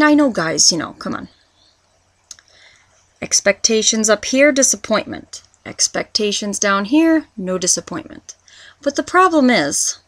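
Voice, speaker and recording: A woman in her twenties talking through a confessional personal vlog, rambling and halting, with many restarts as she searches for words. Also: on the high side, dry recording. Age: 20s. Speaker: vlogger.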